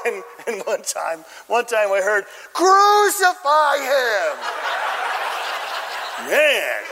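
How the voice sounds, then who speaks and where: A man preaching a sermon, telling a story with lively acted-out voices and bursts of shouting. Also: sits high, in a large hall, slight background noise, poor audio. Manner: animated storytelling, acting out voices and shouting lines. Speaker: pastor.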